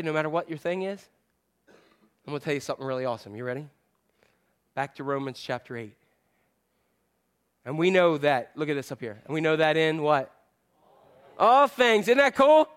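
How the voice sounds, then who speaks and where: A male pastor preaching a sermon in a church, animated and playful, repeating phrases to drive a point home. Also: sits high, clear, resonant tone.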